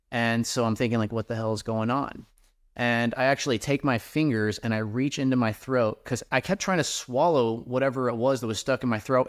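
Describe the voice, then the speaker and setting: A man's voice: mid-range voice, clear, resonant tone. A man guesting on a podcast, telling a climbing story in a rambling, casual way with lots of fillers and restarts.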